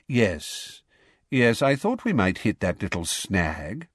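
A man voicing a calm, wry, kindly old male wizard who speaks gently and pleasantly. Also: mid-range voice, normal speed, dry recording, clean studio sound, voice pushed up. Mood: gentle.

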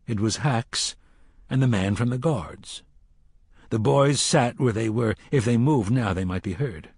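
Guy reading a novel aloud, slightly husky, dry close sound, low-ish voice. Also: darkish tone, no echo. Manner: measured storytelling, lifts voice for dialogue. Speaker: audiobook narrator. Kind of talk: scripted narration with character voices.

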